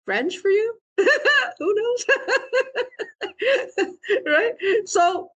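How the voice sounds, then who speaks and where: A woman's voice: extremely high pitch, expressive, very slow, a bit bright. Playful woman teaching meditation. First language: Vietnamese. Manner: playful, laughs often, asks the audience questions. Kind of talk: dharma talk.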